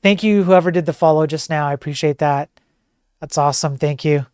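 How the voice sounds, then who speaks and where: A man's voice: a little high, brisk, darkish tone, clean tone, dry recording. A man hosting a streamed commentary show, talking in a sarcastic, joking way. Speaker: host.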